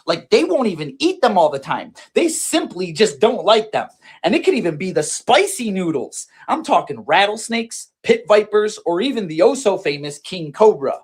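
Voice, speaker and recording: A woman's voice: medium pitch, very animated, moderate pace, few pauses, breathy edge. A woman hosting and commenting playfully on clips, often laughing. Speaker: host reacting to clips.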